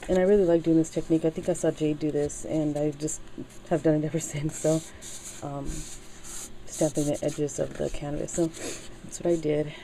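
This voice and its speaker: A middle-aged woman chatting casually in a craft video, halting with many fillers and getting teary as she talks. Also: sits low, little pitch movement, dark tone, a little hiss or hum, rough recording. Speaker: crafting channel host.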